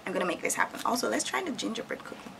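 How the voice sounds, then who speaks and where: A woman's voice: a little high, very animated, very fast, vocal fry, heavy background noise. A woman in her thirties from Jamaica, chatting candidly and laughing often as she talks through her plans in a casual vlog at home. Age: 30s. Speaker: vlogger. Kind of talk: casual chat while decorating.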